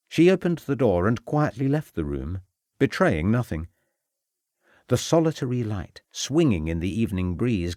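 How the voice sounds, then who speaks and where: A man narrating a mystery audiobook in a measured, expressive way. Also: fairly low pitch, no room sound, clean studio sound.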